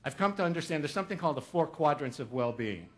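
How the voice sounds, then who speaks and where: This man, a motivational speaker, talks fast in a slightly high, expressive voice. He delivers a funny keynote on stage, telling a joke-filled story and performing the quotes of the people in it.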